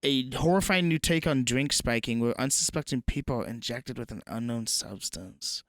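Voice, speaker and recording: A man's voice: medium pitch, normal speed, no room sound. A young man co-hosting a casual comedy podcast, swearing often and reading headlines aloud. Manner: profane, animated, reads headlines aloud. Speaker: podcast co-host.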